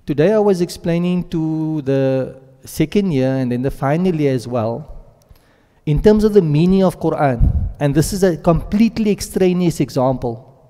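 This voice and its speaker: Here a mellow, slightly high-voiced man teaches the Quran to a class, and the recording carries a long reverb tail. He lays things out step by step, keeps asking the class if they follow, and runs quickly through Arabic verb forms.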